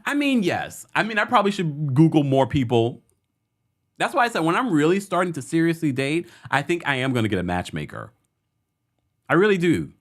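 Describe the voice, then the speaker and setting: Lively, chatty gay man hosting. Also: fairly high pitch, fairly quick. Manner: chatty, lively, laughs often. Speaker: host. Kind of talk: casual chat.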